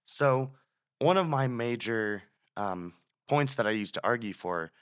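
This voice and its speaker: A man's voice: mid-range voice, expressive, unhurried, smooth. A man in his twenties, a student guest on a casual podcast, retelling stories with animation and frequent restarts.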